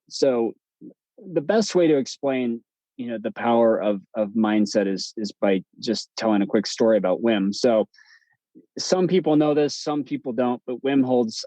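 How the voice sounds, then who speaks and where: A man, a guest on an interview podcast, telling stories in a relaxed, chatty way with plenty of fillers and restarts. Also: medium pitch, no echo, low-quality recording. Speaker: podcast guest, breathwork instructor. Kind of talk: casual storytelling interview.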